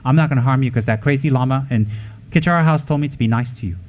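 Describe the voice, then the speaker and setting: Here a man talks fast in a mid-range voice, offering an informal, unscripted Buddhist teaching. He's emphatic and plain-spoken, answers the rhetorical questions he poses, and works teasing humor into it.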